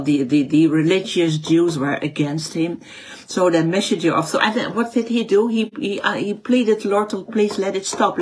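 A woman's voice: sits low, breathy edge. A woman teaching from the Bible in a conversational way, with frequent restarts and fillers.

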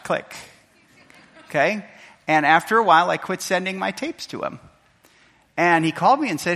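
A middle-aged male pastor delivers a heartfelt sermon, slipping into the voices of the people in his story. His voice is somewhat high for a man, with a gravelly edge. It rings out with a long reverb in a large church. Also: very animated, normal speed, pushed and bright. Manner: emotional, storytelling, acts out quoted voices. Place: church sanctuary.

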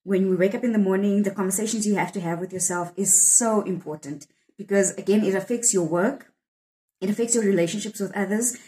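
A woman's voice: mid-range voice, fairly quick, warm tone, low-quality recording. Earnest South African woman poet, thirties. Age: 30s. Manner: earnest, reflective, often restarts sentences. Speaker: poet discussing her poem. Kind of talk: candid conversational interview.

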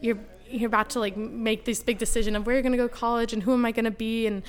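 A woman's voice: a little high, fast, smooth. Young woman guest chatting away, lots of "like", laughing through her stories. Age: young adult. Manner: animated, heavy use of "like", laughs while telling stories. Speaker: podcast guest. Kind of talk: casual storytelling chat.

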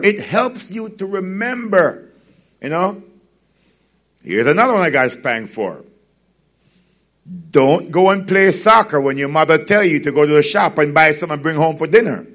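A man, a pastor, preaching a sermon with animated storytelling and frequent laughter. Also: a little high, measured pace, long pauses.

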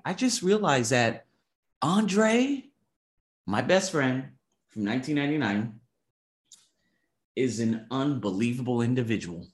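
A man in his thirties reviewing his month in a vlog, emphatic and animated, swearing casually and acting out conversations. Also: mid-range voice, echoey room. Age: 30s. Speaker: vlogger.

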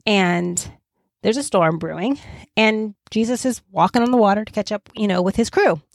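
A woman's voice: mid-range voice, moderate pace, creaky, no room sound. Chatty woman teaching a Bible study. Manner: conversational, many "right?" asides, animated quoting. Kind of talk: casual Bible study talk.

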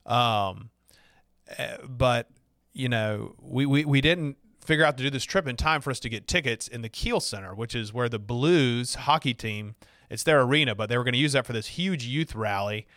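A man's voice: mid-range voice, moderate pace, a bit bright, dry recording. Southern man telling a story, dry sound. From Alabama, US. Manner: chatty, with frequent fillers and restarts. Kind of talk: casual storytelling.

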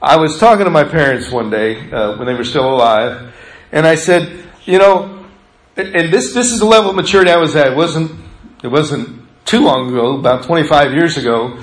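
A middle-aged man preaches a sermon in a loose, conversational way, drifting into personal stories and acting out the voices of the people in them. His voice sits a little high for a man. The sound carries the echo of a church sanctuary. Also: normal speed. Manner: storytelling, conversational, acts out quoted voices. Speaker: pastor.

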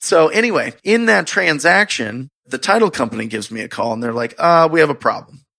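A man telling a personal story in a casual, expressive way, acting out his own excited reactions. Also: on the high side, brisk, gravelly. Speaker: real estate investor telling his story.

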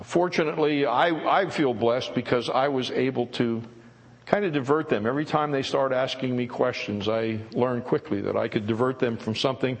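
An older man, a former prisoner of war, giving an earnest, reflective spoken testimony at a church service, with halting restarts. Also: medium pitch. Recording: long reverb of a large hall.

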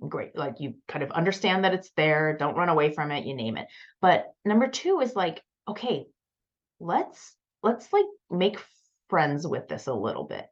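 Chatty lower-voiced woman coach. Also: very animated, normal speed, dull audio. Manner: chatty, frequent fillers like "like" and "um", encouraging. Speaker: business coach teaching her students. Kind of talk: casual talk in an online bootcamp session.

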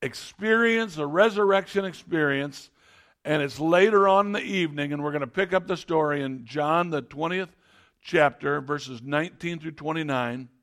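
A man's voice: fairly high pitch, moderate pace, a bit bright. A middle-aged man preaching a sermon, reading scripture and telling stories in a conversational way with frequent restarts. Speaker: pastor.

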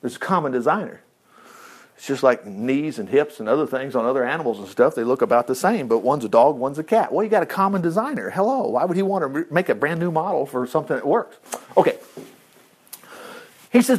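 A man preaching a sermon in an animated way, dropping to quiet asides and rising loud when he acts out quoted voices. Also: mid-range voice, fairly quick, husky. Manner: animated, jumps between hushed asides and loud exclaims.

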